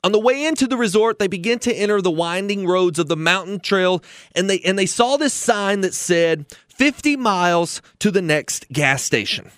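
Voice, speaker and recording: Male podcast host, high voice, dry close mic, earnest persuasive storyteller. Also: lively intonation, normal speed, fairly bright tone, dry recording. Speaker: retirement planning podcast host.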